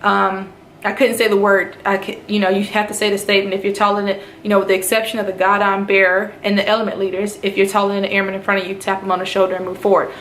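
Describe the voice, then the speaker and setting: A woman from North Carolina shares her experience in a casual vlog, speaking at a middle pitch. She retells events in an animated way and jumps into voices when she quotes others. The room adds a noticeable echo, with faint noise underneath. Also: rapid-fire. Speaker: nurse in officer training.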